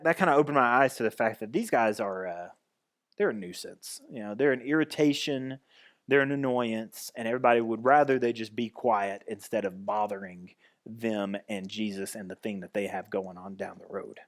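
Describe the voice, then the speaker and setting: A man's voice: medium pitch, normal speed. A man pastor giving a conversational sermon, restarting and repeating phrases as he goes.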